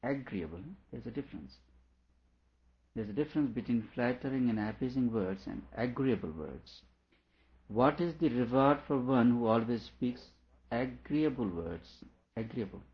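A male teacher giving an explanatory lecture on a scripture, repeating each question aloud before patiently explaining it, with quiet chuckles along the way. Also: mid-range voice, animated, moderate pace. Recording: dull lo-fi recording.

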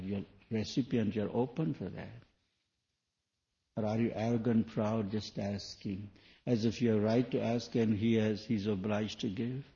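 Mellow-voiced man preaching, lo-fi. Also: on the low side. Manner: questioning, earnest, with shifts between soft and loud. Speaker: spiritual teacher. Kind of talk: sermon. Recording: dull lo-fi recording.

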